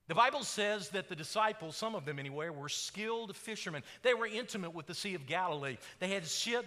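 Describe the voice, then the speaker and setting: A man preaching a sermon, telling the story dramatically, building to loud cries and then falling to a hushed voice. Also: a little high, in a large hall. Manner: dramatic storytelling, rising to shouts and dropping to hushed tones.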